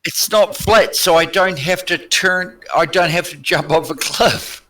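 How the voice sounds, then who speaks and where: Australian man, bright ringing voice, sweary and exasperated, heated casual debate. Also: high voice, a little slow. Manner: sweary, exasperated, loud outbursts. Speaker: helicopter pilot guest.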